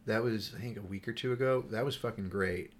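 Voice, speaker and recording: A young man who is a guest on a casual podcast, excitable and swearing freely as he retells stories. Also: on the low side, fairly quick. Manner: excitable, swears freely, mimics himself in quotes. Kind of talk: casual chat.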